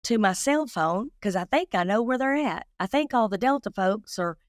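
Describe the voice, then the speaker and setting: A woman's voice: medium pitch, lively intonation, moderate pace, dry recording, studio quality, close to an everyday voice. A woman voicing a friendly, helpful male constable on the phone, inside her own story. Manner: eager and helpful.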